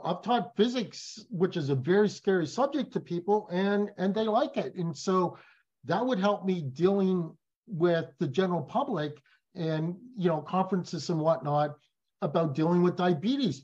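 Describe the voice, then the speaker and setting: A man speaking as a guest in a casual interview, telling emphatic, animated stories. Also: sits high, moderate pace, breathy edge, highs cut off. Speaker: guest, business professor.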